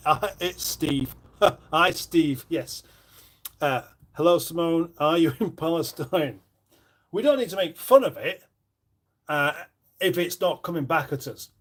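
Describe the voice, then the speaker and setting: A middle-aged man hosts a casual live stream from his kitchen, reading out viewer comments with rambling, dry, self-mocking banter. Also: on the high side. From northern England. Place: home kitchen.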